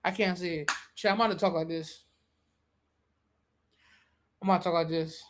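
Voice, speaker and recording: A woman hosting a podcast on a live stream talks at a normal speed, relaxed and full of slang and cursing. Now and then she swings into animated rants pitched high.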